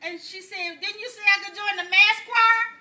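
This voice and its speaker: Playing a gabby older woman pastor, a man uses a full character voice of extremely high pitch and sharp tone, with fairly even intonation at normal speed. Her amused, comedic sermon is full of folksy storytelling; she addresses the congregation as "y'all" and laughs with them at her own jokes.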